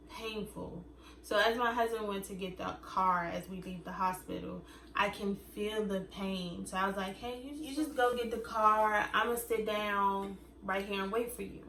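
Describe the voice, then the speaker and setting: A woman's voice: medium pitch, pushed and bright, far from the mic. A young woman vlogger in casual storytime chat, chatty and acting out quotes in other voices. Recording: echoey room, faint noise.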